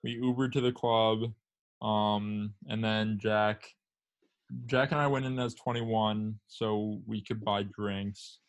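A young man in casual chat, telling a story in an animated way with swearing. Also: on the low side, slow. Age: young adult. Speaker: storyteller friend.

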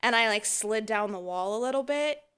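A woman co-hosting a podcast, telling a story in casual chat, animated and often laughing as she acts out what people said. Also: on the high side, normal speed, clean tone. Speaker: podcast co-host.

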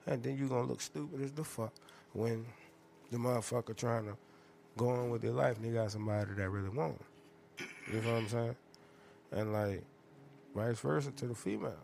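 Man, podcast host, gravelly, forceful, profane storytelling rant, faint background hiss. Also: medium pitch, fairly quick, pauses often. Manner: profane, animated storytelling with loud laughing outbursts.

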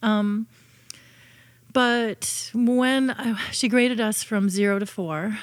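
A woman's voice: fairly high pitch, slow, no room sound. A woman telling personal stories in a casual chat, with many fillers and restarts.

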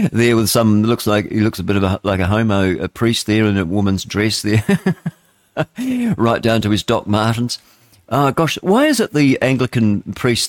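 In clean, echo-free studio sound, a low-leaning male voice with a New Zealand accent carries a live talk radio show. The host wanders through his opinions, chuckling and leaning on plenty of fillers.

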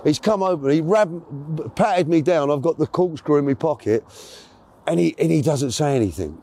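A man spins a long story as an interview guest, chatty and rambling, often stopping to correct himself. His voice sits slightly high for a man and sounds soft and mellow. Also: lively intonation, normal speed, a little hiss or hum. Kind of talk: casual storytelling.

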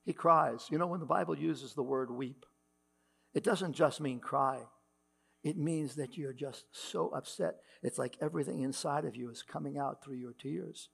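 A man's voice: a little high, moderate pace, gravelly, slightly rough. A man preaching a sermon as pastor, reading scripture aloud with rising emphasis, with a mains hum behind him. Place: church.

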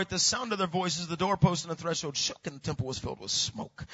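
Bright, husky-voiced preacher man. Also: a little high, fast talker, hardly any pauses, highs cut off. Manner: swings from hushed to shouting, repeats words. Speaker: pastor. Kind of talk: sermon.

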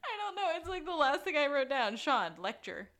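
A woman's voice: high-pitched, very animated, a little fast, fairly bright tone. A woman co-hosting a podcast, recapping a TV episode in casual chat and laughing often between remarks. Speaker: podcast co-host.

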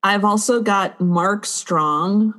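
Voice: mid-range voice, takes it slowly, fairly bright tone. A podcast co-host in casual chat, reacting with brief, enthusiastic exclamations.

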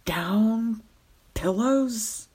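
A woman's voice: a little high, extremely slow, a little mellow, slightly rough, voice pushed up, heavily acted. A woman voicing a bumbling, mournful older king-knight who whines and sighs. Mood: wistful eager. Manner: plaintive, whining, sighing.

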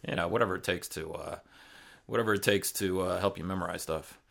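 Fast-talking, low-voiced bartender man. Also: gravelly, a bit bright. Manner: quick, laughing storyteller. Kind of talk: casual podcast chat.

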